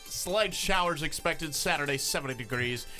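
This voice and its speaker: Profane laid-back podcast co-host. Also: male voice, fairly high pitch, moderate pace, pushed and bright, soft background music. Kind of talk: casual chat.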